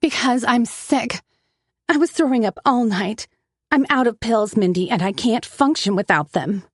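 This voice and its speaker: A woman's voice: fairly high pitch, animated, normal speed, no room sound, clean studio sound, voice pushed up. A woman voicing a desperate, bitter young woman who craves pills, pleading and accusatory in turn.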